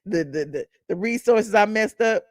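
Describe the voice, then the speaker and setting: A Southern American woman hosting a live commentary stream, worked up and blunt. She swears freely, repeats herself for emphasis, and keeps hammering her points. Her voice is mid-pitched and the sound is close and dry. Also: lively intonation, moderate pace, no echo. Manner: heated, profane, emphatic, with repetitions. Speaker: YouTube commentary host.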